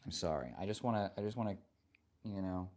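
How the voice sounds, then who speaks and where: Man, slightly low voice, live-stream host, casual chat, reads comments aloud, playful, joking. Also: fast, darkish tone.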